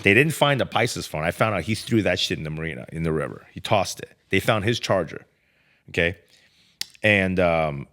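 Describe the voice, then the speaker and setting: A man with a very low voice tells his story on a podcast. He talks casually and with energy, full of swearing and "dude" and "bro.". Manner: profane, animated, lots of filler like "dude" and "bro". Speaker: podcast guest telling his life story.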